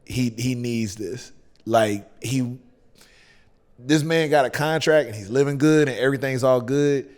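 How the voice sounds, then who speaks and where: A man's voice: medium pitch, measured pace, a little mellow. Laid-back Southern US man, echoey room. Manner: laid-back, loose, many fillers. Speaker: wrestler guest. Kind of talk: casual podcast chat.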